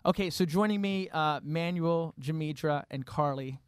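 A man hosting a podcast in a studio, chatting enthusiastically with quick asides. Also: on the high side, smooth, no room sound. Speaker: podcast host. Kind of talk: casual interview chat.

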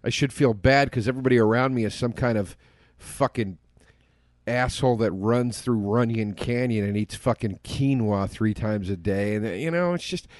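A man's voice: medium pitch, moderate pace, no room sound, studio quality. A young man co-hosting a podcast who rants in a gloomy, profane way during casual chat. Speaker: podcast co-host.

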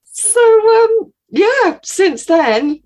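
A woman sharing a personal testimony as a podcast guest, telling her story in an animated way, with laughs and pauses. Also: very high-pitched.

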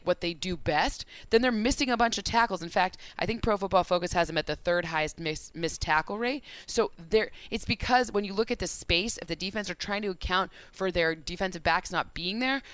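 A man talking football picks in a casual sports chat, excitable and quick to interrupt himself. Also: sits high, smooth, dry recording. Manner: rapid, self-interrupting, excitable predictions. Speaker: football analyst.

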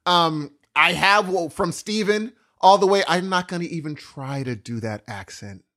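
A man co-hosting a podcast in loose, casual chat. His voice sits a little high and swings widely in pitch. He talks in an animated way, jumping in and restarting his sentences as ideas hit him. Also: moderate pace. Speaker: podcast co-host.

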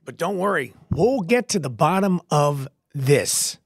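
A man hosting his own podcast, his voice hoarse and not at full strength, talking in a brash, profane, rapid-fire way and repeating catchphrases. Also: on the high side, animated, no echo, studio quality. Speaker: podcast host. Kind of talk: hyped solo podcast monologue.

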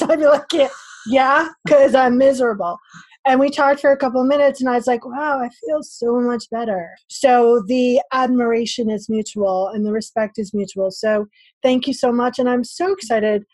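A woman guest on a podcast, telling lively personal stories and acting out the voices of the people in them. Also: a little high, no echo. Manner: animated, acts out quoted voices. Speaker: podcast guest, spiritual teacher. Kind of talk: casual storytelling interview.

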